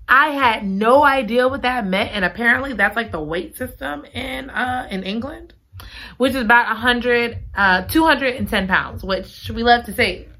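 A woman book reviewer chats her way through a book recap, gushing, giggling, and piling up repeated exclamations while staying casual and conversational. Her voice is bright, forward, and on the high side.

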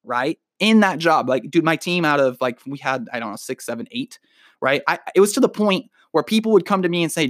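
A young man talks straight at the listener in a swearing, emphatic motivational rant, calling them dude. His voice sits a little higher than most men's. The recording is dry and close, with no room sound. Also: expressive, a little fast, fairly bright tone, no room sound. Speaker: podcast host. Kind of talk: motivational monologue.

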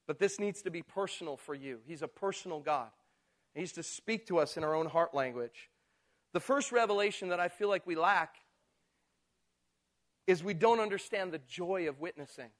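A man preaching a sermon who moves from quiet asides to loud, slowed-down build-ups, and acts out people's excuses in mocking voices. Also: high-pitched.

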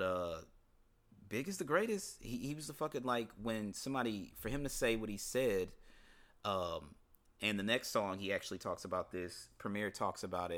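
A man's voice: deep voice, fairly bright tone. A man hosting a casual talk about an album, chatting loosely, swearing freely and reading quotes aloud. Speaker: podcast host discussing an album. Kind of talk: casual commentary with read-out quotes.

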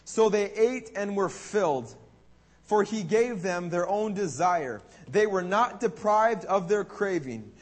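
A man preaching a sermon to a congregation, animated and dramatic, acting out the words of God and the Israelites. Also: high-pitched, takes it slowly. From Canada. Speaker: pastor.

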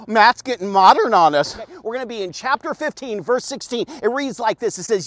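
A man hosting an informal daily devotional, talking in an animated, folksy way that keeps circling back to "look at" and "okay". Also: high voice, brisk, few pauses, no room sound. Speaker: devotional host. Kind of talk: casual devotional talk. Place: outdoors in a park.

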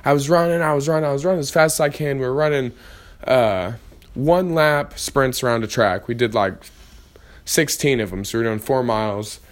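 A man's voice: mid-range voice, moderate pace. A tired young man talking casually to his viewers in a rambling, motivational vlog pep talk full of fillers. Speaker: vlogger.

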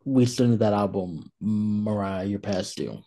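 A man co-hosting a podcast in casual chat, relaxed and hesitant, with frequent ums between points. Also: on the low side, unhurried. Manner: relaxed, hesitant with many fillers. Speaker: podcast co-host.

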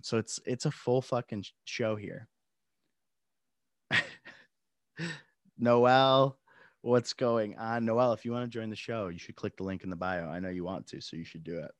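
A man's voice: low-pitched, no room sound. A young man hosting a casual live stream from his home studio, laid-back, laughing often and swearing freely. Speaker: podcast host.

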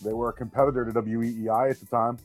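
A man's voice: mid-range voice, level tone, very fast, no room sound, soft background music. A man in his thirties with a Boston accent, a sports radio host guesting on a podcast and telling his story in a laid-back, slangy way. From Boston area. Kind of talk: casual podcast chat.

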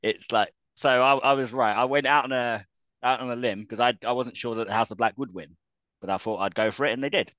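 A man's voice: mid-range voice, brisk, fairly bright tone, dry recording, highs cut off. A man chatting casually about wrestling as a podcast co-host, laughing often and restarting his sentences.

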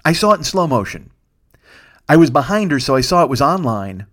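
A middle-aged man spins a rambling comic story into a studio microphone, his voice pitched somewhat high for a man. He swears often, laughs between lines and jumps loudly into the voices of the people in his tale. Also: fairly quick. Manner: animated, profane, laughing, acts out quoted voices loudly. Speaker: podcast host.

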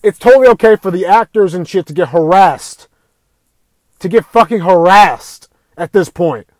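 A man's voice: sits high, lively intonation, normal speed, a little mellow, no echo. A man delivering an angry, profane rant to camera, swearing constantly and raising his voice at times. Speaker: video ranter.

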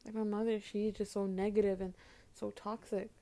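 A young woman pours out her frustration in a halting, tearful vlog, stumbling over her words and starting sentences again. Her voice is mellow and soft-edged, held in a flat, narrow melody. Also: medium pitch. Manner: halting, repeats words, close to tears. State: upset, holding back tears. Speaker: vlogger. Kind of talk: emotional personal vent to camera.

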